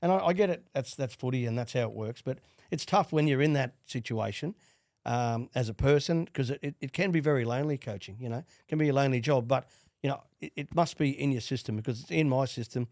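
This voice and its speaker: A middle-aged Australian man, a former player and coach, telling animated stories in a casual interview. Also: medium pitch, quick pace, no room sound, studio quality. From Queensland, Australia. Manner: animated storyteller with restarts and laughs. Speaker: guest, former rugby league player and coach.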